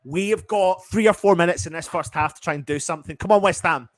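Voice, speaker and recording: A man giving partisan live football commentary as a fan, swearing and swinging from low muttering to loud shouts. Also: fast, no room sound.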